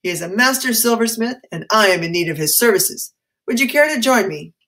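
Een vrouw die een strenge, vurige patriottische leider speelt. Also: female voice, a little high, lively intonation, fairly quick, pitched above the performer's own voice. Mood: stern. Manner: forceful, insistent, preaching. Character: stern, forceful colonial patriot leader, grown man.

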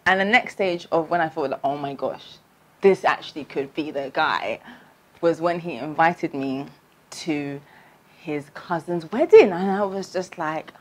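A young woman from tells a personal storytime on her vlog. Her speaking voice sits on the lower side, but it leaps up high whenever she acts out what she thought back then. She talks in a chatty, animated way, straight to her viewers. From London. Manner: animated storytelling, acting out her own past voice with big pitch jumps. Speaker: vlogger.

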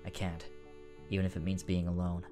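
A man voicing a brooding, withdrawn teenage boy mercenary in a low, quiet, gloomy read. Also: monotone, a little fast, soft background music, natural voice.

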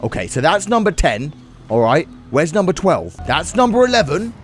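A man's voice: a little high, very animated, moderate pace. A man in a let's-play commentary, goofy and joking, putting on a British accent and silly voices. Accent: British put-on. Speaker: gaming video host. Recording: commentary over game music.

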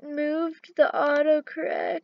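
A woman's voice: high-pitched, wildly swooping pitch, takes it slowly, gravelly, muffled recording. A woman vlogger reading funny text messages aloud in casual commentary, giggling often as she talks. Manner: giggly, laughs often while talking.

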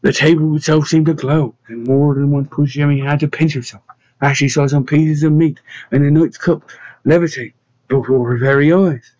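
A man's voice: on the high side, fairly even intonation, moderate pace, a little mellow, dry recording. A man narrating a fantasy storybook aloud, slipping small voice changes into the dialogue. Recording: dull, dry close recording.

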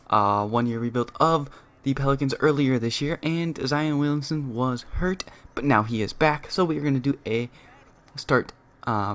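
A man's voice: mid-range voice, a bit bright. A young man giving casual gameplay commentary, thinking aloud with frequent fillers as he talks through his moves. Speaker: gaming youtuber.

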